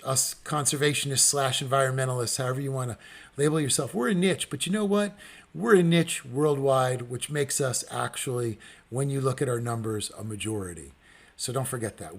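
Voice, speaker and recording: A man hosting a podcast in casual livestream talk, answering listeners and making earnest, rallying appeals with many ums and restarts. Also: medium pitch. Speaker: podcast host.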